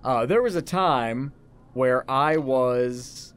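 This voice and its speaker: A man's voice: mid-range voice, slow pace, fairly bright tone. A man co-hosting a gaming show, casually telling a rambling anecdote to his co-host. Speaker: co-host of a let's play channel. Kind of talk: casual gaming chat, storytelling.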